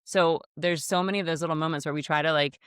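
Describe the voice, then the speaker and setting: A woman's voice: deep voice, fairly even intonation, fast, a bit bright, clean tone, dry recording, clean studio sound. A woman in her thirties co-hosting a podcast, telling easygoing stories in casual chat from her desk microphone. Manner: chatty storyteller, easygoing. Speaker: podcast co-host. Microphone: desk microphone in front of her.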